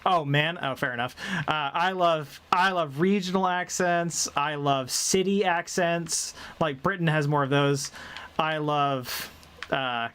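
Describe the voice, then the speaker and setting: A man's voice: fairly high pitch, slow, fairly bright tone, clear, resonant tone. A man live-streaming a game, chatting casually with viewers in a playful, rambling way and laughing often, with a faint Southern drawl. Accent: light Southern drawl, mostly faded. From American South.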